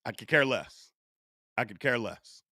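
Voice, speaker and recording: A man hosting a live sports stream, chatting casually and answering his chat, his voice going hoarse. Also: medium pitch, measured pace, dry recording, clean studio sound. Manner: animated, reads and answers chat. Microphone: studio USB microphone.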